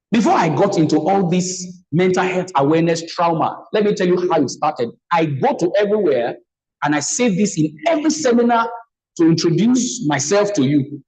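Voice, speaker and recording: A man's voice: fairly high pitch, very animated, normal speed, a little mellow, poor audio. A middle-aged man with a Nigerian accent giving an earnest seminar talk on healing, telling stories and repeating phrases for emphasis. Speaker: speaker on trauma healing. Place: video call.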